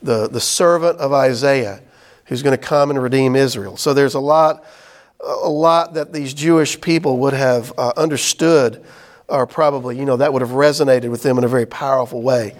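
A man teaching a Bible class, chatting casually and reading scripture aloud slowly. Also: medium pitch. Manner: conversational, explains with "right?" and "y'all", reads scripture aloud slowly.

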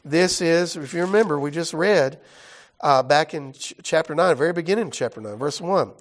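A man's voice: fairly high pitch, lively intonation, normal speed. A man teaching a Bible study class in a casual, explanatory way, often checking in with his listeners.

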